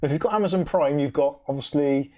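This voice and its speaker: Fast and mellow, this man's voice sits on the high side as he hosts an easygoing live-stream chat. He reads out viewer comments, offers dry asides, and hums "da da da" between them, staying chatty throughout.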